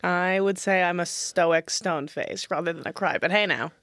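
A woman's voice: lowish voice, normal speed, fairly bright tone, no echo, studio quality. A young adult woman co-hosting a comedy podcast, telling rambling stories in a playful way and laughing often. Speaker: podcast co-host. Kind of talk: casual comedic chat.

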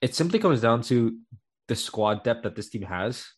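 A man co-hosting a casual football talk show, sharing quick, enthusiastic opinions. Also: medium pitch, sing-song, husky. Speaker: co-host.

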